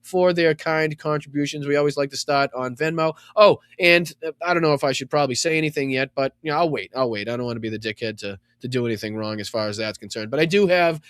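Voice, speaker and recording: A podcast host with a Boston accent, rambling warmly through a casual thank-you segment, full of fillers and profane asides. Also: male voice, a little high, fast, hardly any pauses, clear, resonant tone, no echo, clean studio sound. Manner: rambling, filler-heavy, effusive gratitude.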